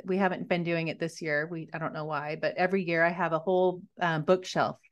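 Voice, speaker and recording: A woman in her forties speaks as a guest in a casual interview. She rambles and restarts her sentences but stays enthusiastic. Her voice sits a little low. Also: steady tone, brisk, dull audio, slight background noise. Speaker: guest, mother. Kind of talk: conversational interview.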